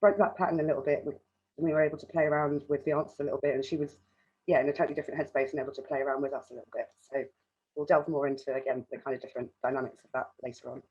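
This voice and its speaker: A woman's voice: low voice, steady tone, rapid-fire, darkish tone, slightly rough, dull audio. A woman who works festival welfare, telling a story at a panel talk with frequent ums.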